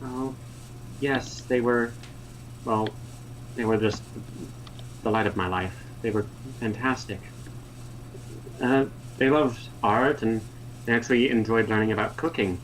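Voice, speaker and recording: A man's voice: on the low side, steady tone, unhurried, pauses often, distant mic, a little hiss or hum, lightly acted, low-quality recording. A man voicing a grieving middle-aged noble mother who speaks of her daughters fondly, in an online tabletop game. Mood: wistful.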